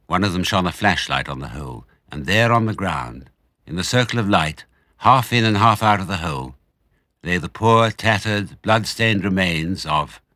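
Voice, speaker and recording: Expressive older man reading a story. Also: sits low, no room sound, clean studio sound. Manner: expressive, dramatic. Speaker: narrator.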